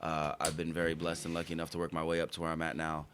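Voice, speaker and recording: A man hosts a casual podcast in quick, profane bursts, often joking at his own expense. His voice is very low yet bright-edged, and he talks fast. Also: monotone, a little hiss or hum. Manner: rapid, profane, self-deprecating talk. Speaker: podcast host, bartender. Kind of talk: casual chat.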